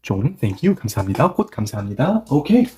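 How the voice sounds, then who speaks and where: A man's voice: medium pitch, sing-song, very fast, darkish tone. A man teaching a language grammar lesson, patiently repeating and restating each point and reading example sentences aloud at several speeds.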